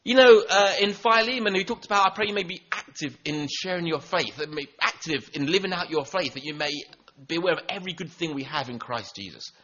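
Preacher, male, high bright voice, earnest, stumbling restarts, dull lo-fi recording. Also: brisk. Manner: earnest, repeats words when restarting. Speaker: pastor. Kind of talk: sermon.

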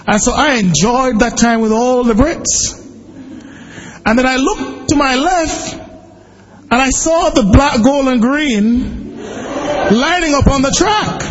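A man, a pastor telling a lively personal story during a sermon and shouting at its most excited points. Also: very high-pitched, slow pace, long pauses, muffled recording, background noise. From Jamaica. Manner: animated storytelling, bursts into shouting when excited.

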